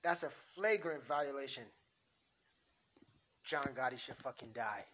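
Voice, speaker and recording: A man's voice: mid-range voice, a little slow, sharp tone, a little hiss or hum, voice pushed up. A man reading a script aloud, playing a cold, angry mob boss with clipped, cursing lines in an amateur script reading. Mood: cold anger.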